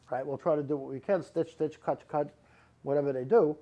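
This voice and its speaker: A man's voice: fairly high pitch, steady tone, fairly quick, muffled recording. A middle-aged man, a psychic medium giving readings to a live audience, who rambles and repeats words for emphasis.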